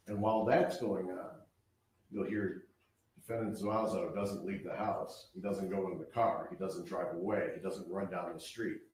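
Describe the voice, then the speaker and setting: A man giving a courtroom opening statement as prosecutor, laying out events step by step in a measured way. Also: on the low side, fairly even intonation, a little mellow. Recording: echoey courtroom from far off.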